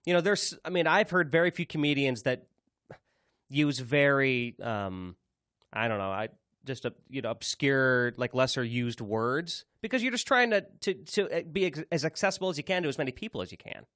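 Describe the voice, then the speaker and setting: A man's voice: mid-range voice, lively intonation, moderate pace, a bit bright, no room sound. Man, podcast co-host, casual chat, rambling, restarts, dry close mic. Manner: rambling, many restarts and fillers.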